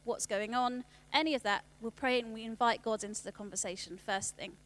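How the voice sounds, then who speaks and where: A woman with a slightly high, fairly bright voice gives a chatty workshop talk on children's ministry. She throws in quick asides and often restarts her sentences.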